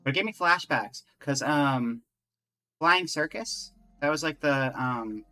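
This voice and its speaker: Chatty, rambling man with a bright voice. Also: fairly high pitch, expressive, takes it slowly, soft background music. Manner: rambling, chatty, self-mocking. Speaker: streamer. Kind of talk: casual live-stream chat while playing.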